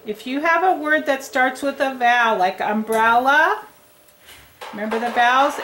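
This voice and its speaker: A woman teaching young children to read, speaking in a clear, sing-song teacher voice. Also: sits high, a little slow, a bit bright, low-quality recording. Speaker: reading teacher. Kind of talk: children's reading lesson.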